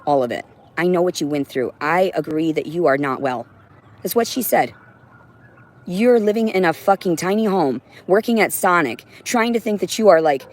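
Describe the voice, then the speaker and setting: A woman livestreaming an agitated, profane monologue, preaching directly at her viewers. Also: low-pitched.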